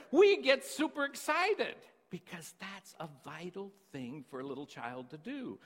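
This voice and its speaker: A man preaching a sermon, telling a story in an animated, conversational way. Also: on the high side. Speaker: pastor. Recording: long reverb in a big hall.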